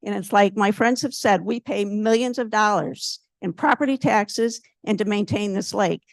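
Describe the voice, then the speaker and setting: A woman gives a heated public comment at a city board meeting, blunt and insistent as she drives each point home again. Her voice sits at an ordinary middle pitch and sounds dry and close, with little room sound at the podium microphone. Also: moderate pace, gravelly, dry recording.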